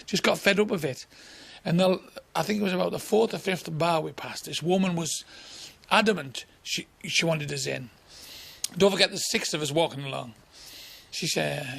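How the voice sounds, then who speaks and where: Bawdy comedian in his sixties, husky and fairly high-voiced, spins blunt anecdotes. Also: expressive, moderate pace, fairly bright tone. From England. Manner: blunt, bawdy, chuckling raconteur. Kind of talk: anecdotal storytelling in an interview.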